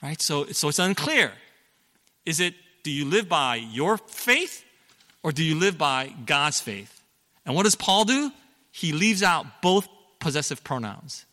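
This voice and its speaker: A man's voice: fairly high pitch, very animated, a little slow, pushed and bright. A middle-aged man preaching a sermon as a pastor, explaining things in a conversational way with fillers and self-corrections. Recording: long reverb of a hall.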